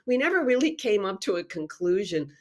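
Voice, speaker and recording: In a live online workshop, a woman teaches singing technique in a chatty, animated way, often restarting her sentences. Her voice is mid-range and her pace brisk.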